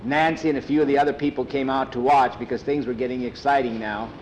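A man telling a story aloud in a plain, unhurried, homespun way. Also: mid-range voice, fairly even intonation, muffled recording, a little hiss or hum. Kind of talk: oral storytelling.

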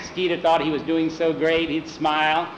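A folksy male storyteller with a fairly high voice spins a funny tale, putting on voices for the figures. The recording is roomy and echoey, with a faint hiss underneath. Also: flat delivery, moderate pace. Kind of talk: oral storytelling. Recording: roomy echo, faint noise.

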